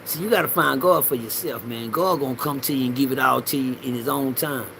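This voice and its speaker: A man's voice: medium pitch, fairly quick, vocal fry, fairly bright tone, slight background noise. A middle-aged man rambling through a preachy personal monologue in loose slang, swearing freely and repeating lines for the audience to say back. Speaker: vlogger.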